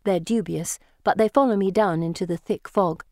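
A woman reading a first-person storybook in a measured, lyrical way. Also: medium pitch, darkish tone, no room sound, studio quality. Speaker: audiobook narrator.

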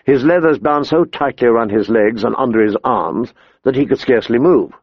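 A man reading an audiobook in a measured, steady storytelling manner. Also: medium pitch, breathy edge, no echo, lo-fi sound. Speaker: narrator. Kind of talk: audiobook narration.

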